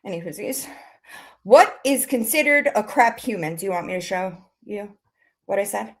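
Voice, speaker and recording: A woman's voice: medium pitch, expressive, moderate pace. A woman hosting a mocking reaction commentary, talking straight to the person she criticizes in a sarcastic, taunting way and reading items aloud as a list. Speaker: commentary host.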